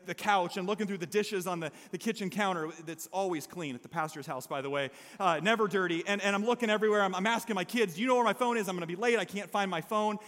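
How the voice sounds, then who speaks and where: Male pastor, high voice, chatty preaching with jokes and call-outs, long church reverb. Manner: conversational preaching with frequent "okay?" and "amen?" to the congregation; lively storyteller who mixes humor with earnest emphasis. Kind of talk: sermon. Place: church service before a congregation.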